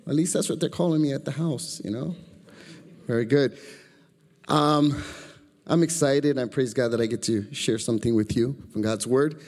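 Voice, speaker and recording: A guest preacher from Chicago gives an informal, joking sermon in a church sanctuary, his mid-range, darkish voice at normal speed echoing through the big room. He keeps it conversational and invites the congregation to call back responses.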